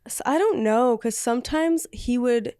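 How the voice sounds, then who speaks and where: A woman's voice: fairly high pitch, a little slow, dark tone, no room sound, clean studio sound. A woman guest in an interview, speaking in a reflective, hesitant way with many fillers. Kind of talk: conversational interview.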